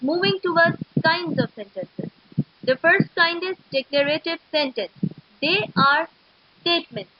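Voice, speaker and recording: Woman teacher going through grammar slow and steady, high voice, kinda muffled lo-fi audio. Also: no room sound. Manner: slow, explanatory, steady and methodical. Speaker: school English teacher. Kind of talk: recorded classroom lecture. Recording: dull lo-fi recording.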